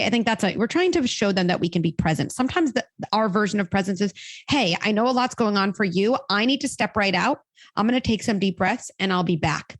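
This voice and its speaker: A woman psychologist giving parenting advice in conversation, animated and acting out the lines parents and children say. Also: mid-range voice, no room sound. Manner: animated, acts out quoted dialogue.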